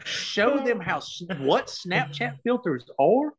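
A man's voice: high voice, very animated, takes it slowly, slightly rough. A man talking casually as a podcast guest, swearing freely and laughing as he tells stories about fans. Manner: swears a lot, laughs while telling stories. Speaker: guest, online comedian.

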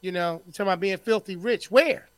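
A man from New Jersey co-hosting a podcast, easygoing, reading out questions in casual banter. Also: sits high. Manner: easygoing, reads questions slowly. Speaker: podcast co-host.

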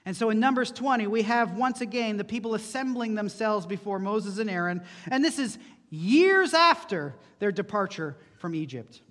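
A man's voice: sits high, lively intonation, normal speed, fairly bright tone. A male pastor preaching an earnest sermon, posing rhetorical questions to the congregation. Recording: long reverb from a large hall.

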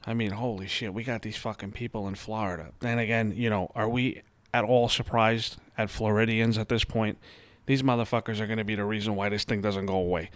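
A man's voice: on the low side, fairly quick, dry recording. A young man, ranting and swearing a lot as he talks through a casual podcast monologue from home. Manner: animated, heavy swearing, ranting. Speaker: podcast host.

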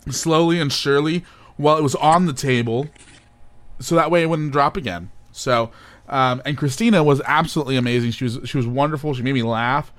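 A young man co-hosting a casual chat show, telling a story in an animated, laughing way with playful overacting. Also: mid-range voice. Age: young adult. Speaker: podcast co-host.

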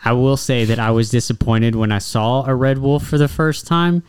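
A podcast co-host chats casually and spins jokey, animated stories. His voice is medium-pitched, clear and resonant at a moderate pace, with no room sound.

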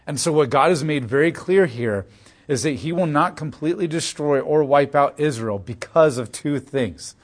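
A man's voice: a little high, expressive, moderate pace. A man teaching through a Bible passage, reading verses aloud and then paraphrasing them in casual, everyday language.

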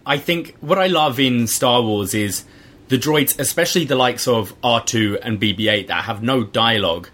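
A man with a mid-range voice co-hosts a movie review podcast. He chimes in with short agreements and shares his own views in relaxed chat. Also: mid-range voice, moderate pace. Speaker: podcast co-host.

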